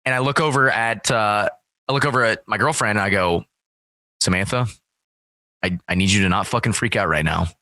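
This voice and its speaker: Profane man telling a story, bright dry sound. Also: fairly low pitch, fairly quick, pauses often, no room sound. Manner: profane, storytelling, acts out quoted voices loudly. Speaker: guest. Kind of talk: casual chat.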